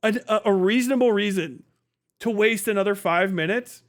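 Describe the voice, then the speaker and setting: A man streaming casual commentary, swearing often and retelling a debate with quick quoted voices. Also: sits high.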